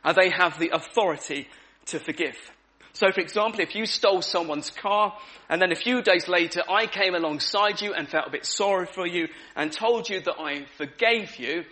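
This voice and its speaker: A man delivers a sermon in a high, bright and forceful voice. He talks in a relaxed, conversational way, with frequent ums, and repeats his key words to drive them home. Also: normal speed. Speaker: preacher. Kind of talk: evening sermon.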